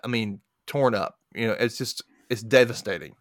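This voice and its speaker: A man hosting a podcast, recapping a movie plot in casual chat as an animated storyteller with sarcastic asides. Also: on the low side, moderate pace, dry recording, clean studio sound. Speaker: podcast host.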